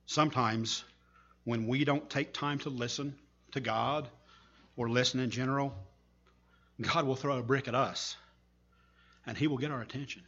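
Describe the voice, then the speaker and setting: Husky-voiced man preaching a sermon. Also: mid-range voice, a bit bright, highs cut off. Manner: earnest storytelling, slow emphatic pauses. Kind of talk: sermon with a told story.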